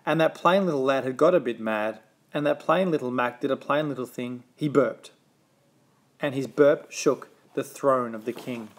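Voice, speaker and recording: A man's voice: mid-range voice, normal speed. A man reading a rhyming children's storybook aloud with a rhythmic, sing-song delivery.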